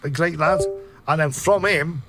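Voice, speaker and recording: A man with a Liverpool accent telling profane, animated stories in a casual interview. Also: a little high, measured pace, soft background music. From Liverpool, England. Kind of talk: casual storytelling.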